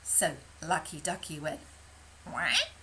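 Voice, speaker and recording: Animated woman telling a children's tale. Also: medium pitch, slow pace, very noisy. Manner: animated, slips into soft whispers. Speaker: storyteller. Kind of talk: reading a children's tale aloud.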